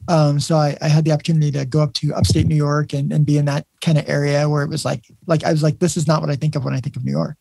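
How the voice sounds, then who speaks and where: A man with a dark, gravelly voice hosts a relaxed conversation. He talks quickly and rambles, restarting his sentences often. The sound is dry and close. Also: fairly high pitch, no room sound. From New Mexico. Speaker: podcast host, emergency nurse. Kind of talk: casual storytelling chat.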